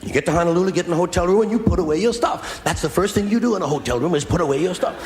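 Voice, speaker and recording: Lively, riffing observational stand-up man. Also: high voice, racing. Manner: repetitive, riffing observational delivery. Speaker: stand-up comedian. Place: stage in a hall. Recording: echoey hall with clear ambient noise.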